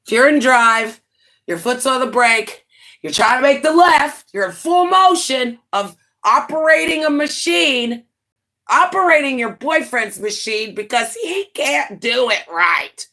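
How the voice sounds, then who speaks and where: A woman hosts a casual livestream with an unhurried, drawn-out delivery. Her voice is bright and forward, and she tells her stories in a dramatic, rambling way. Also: high voice, lively intonation. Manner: dramatic, rambling storyteller with laughing asides. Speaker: livestream host.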